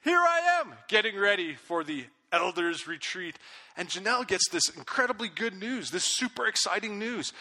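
A man's voice: sits high, big pitch swings, normal speed, sharp tone. A man preaching a sermon, telling a story animatedly and acting out his own angry outbursts. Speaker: pastor. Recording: long reverb of a big hall.

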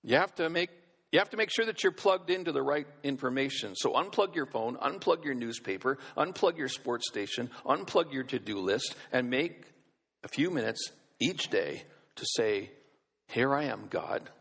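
Man, pastor, sermon, emphatic, asks the crowd questions, raspy, long hall reverb. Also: medium pitch, lively intonation, normal speed, a bit bright. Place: large church sanctuary.

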